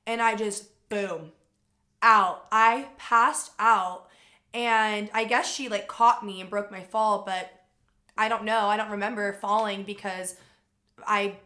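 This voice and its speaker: A young woman telling a personal story to camera in a casual, animated way, with lots of "like" fillers. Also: mid-range voice, takes it slowly. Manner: animated retelling with frequent "like" fillers.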